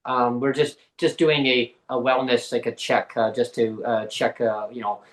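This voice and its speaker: An evasive, prying government caseworker lady fumbles through her questions in halting stops and restarts, put on by a man telling the story. Her voice stays at an ordinary middle pitch. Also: level tone, roomy sound, close to an everyday voice. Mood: hesitant. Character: prying female government social worker.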